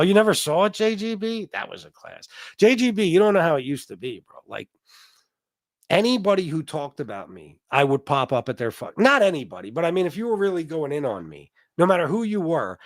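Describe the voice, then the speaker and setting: A middle-aged livestream host of Sicilian heritage tells brash, profane stories and reads his chat aloud as he answers it. His voice is a little high, very animated and fairly quick, recorded in clean studio sound with no echo.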